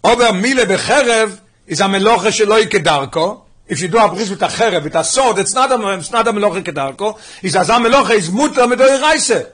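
A man's voice: high-pitched, expressive, a little fast, a bit bright, slightly rough. A man teaching a religious text class, working through sources with repeated questions and mixing English with Hebrew and Yiddish terms. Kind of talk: lesson on a Talmudic text.

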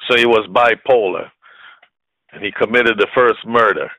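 A man's voice: fairly low pitch, steady tone, normal speed, no echo, highs cut off. A man preaching a sermon with impassioned, emphatic delivery and repeated phrases. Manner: impassioned, rising to shouted peaks.

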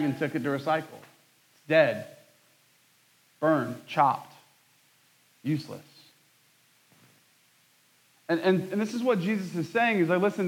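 A man in his thirties preaching a conversational sermon, joking at his own expense with lively asides. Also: fairly high pitch, low-quality recording. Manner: conversational, self-deprecating, animated asides. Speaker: pastor.

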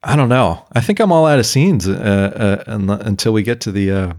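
A man's voice: on the low side, lively intonation, normal speed, a little mellow, a little hiss or hum. Easygoing jokey man on a podcast. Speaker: podcast co-host. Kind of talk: casual movie recap chat.

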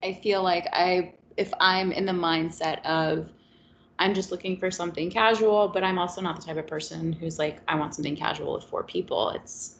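Twenties woman, casual co-host, low fry-heavy voice, candid and reflective. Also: fairly even intonation, normal speed, muffled recording, slight background noise. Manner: candid, reflective, sarcastic at times. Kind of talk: casual chat.

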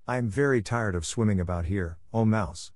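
A man's voice: fairly low pitch, normal speed, darkish tone, no echo, lightly acted. A man reading the part of a polite, chatty little girl in a storybook, speaking earnestly. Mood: wondering.

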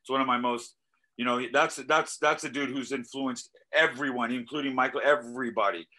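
A male musician talking casually in an interview, telling animated stories, acting out quoted voices and swearing freely. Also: mid-range voice, brisk, poor audio. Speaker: musician guest.

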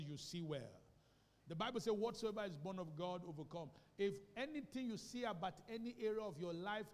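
A man's voice: high-pitched, big-room sound. A Nigerian-accented male pastor preaching a sermon with emphatic repetition and call-and-response questions to the congregation. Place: church sanctuary.

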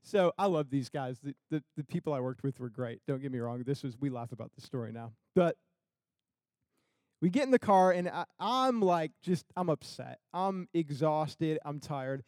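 A young man with a fairly high voice tells a story to a crowd in the style of a sermon. He laughs a lot and acts out the people he quotes. His voice is recorded close and dry. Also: animated, moderate pace, darkish tone, dry recording.

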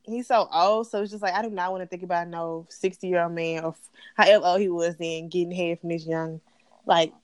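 A woman's voice: fairly low pitch, fairly quick, dry recording. A woman co-hosting a casual TV recap chat, blunt and profane as she rants about the show. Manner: blunt, profane, animated ranting. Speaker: podcast co-host.

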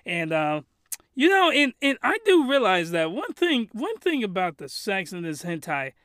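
Young guy ranting hyped about a show, bright voice, dead dry room. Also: high voice, huge pitch swings, moderate pace, clear, resonant tone, no room sound. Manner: rambling, hyped, crude jokes, many restarts. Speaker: anime reviewer. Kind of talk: comedic review vlog.

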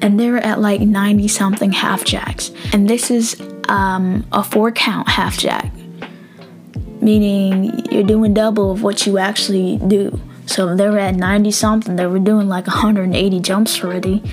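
A young woman tells a story in a loose, profane way, acting out the dialogue and sometimes slipping into a whisper. Her pitch sits in the middle. Faint music plays behind her. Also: moderate pace. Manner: animated and profane, acts out dialogue, drops into whispers. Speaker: vlogger. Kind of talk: casual storytelling.

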